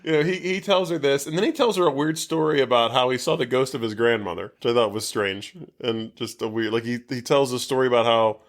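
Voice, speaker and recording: A man's voice: medium pitch, brisk, few pauses. A man co-hosting a casual podcast, recapping a movie in a loose, rambling way full of fillers. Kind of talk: casual chat. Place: basement.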